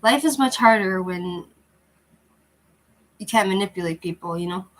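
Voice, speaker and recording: A woman's voice: medium pitch, moderate pace, low-quality recording. Woman, casual livestream host, rambling, chatty, restarts a lot, lousy cheap microphone. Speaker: channel host chatting with viewers.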